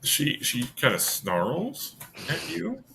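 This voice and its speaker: A man's voice: fairly high pitch, wildly swooping pitch, slow, creaky, background noise. A man running a tabletop game as game master, narrating in a rambling way and often correcting himself.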